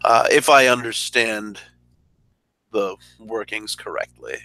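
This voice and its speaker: A slow, deliberate, courtly hired enforcer, played by a man. The voice is low and bright-edged, recorded dry and close. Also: no room sound, rough recording. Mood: measured.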